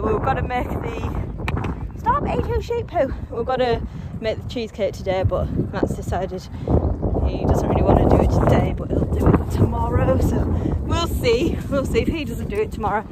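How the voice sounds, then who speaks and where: A woman's voice: a little high, heavy background noise. A young woman, chatting casually in a vlog and often talking to her dog. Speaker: vlogger.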